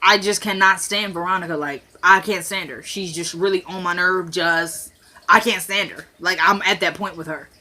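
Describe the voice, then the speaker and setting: Brief: young woman, casual opinionated recap vlogger, bright and lively delivery. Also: lowish voice, normal speed. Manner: animated, opinionated, acts out the dialogue.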